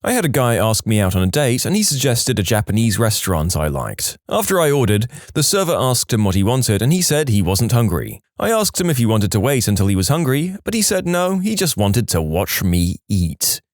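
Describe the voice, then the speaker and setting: A man's voice: medium pitch, very animated, fairly quick, hardly any pauses, no room sound. Male story narrator, swooping delivery, dead-dry booth. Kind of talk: reading reddit stories aloud.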